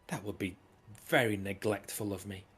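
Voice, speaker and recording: A cold, teasing female doctor from a tabletop game who speaks in a mock-sweet, menacing way, as a man puts her on. The voice sits fairly low, and soft music plays behind it. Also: steady tone, normal speed, breathy edge.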